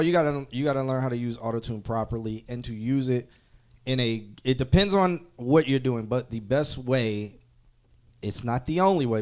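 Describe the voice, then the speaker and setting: A man with a mixed New York and Southern accent, co-hosting a casual livestream chat about music production, animated and swearing casually. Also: mid-range voice. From Florida. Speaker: co-host.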